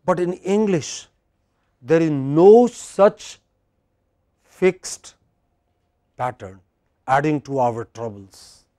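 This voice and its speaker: A man teaching spoken English in a university classroom, a non-native speaker who lectures deliberately and prompts students for answers. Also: fairly high pitch, big pitch swings, dark tone, no echo, clean studio sound. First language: Indian language.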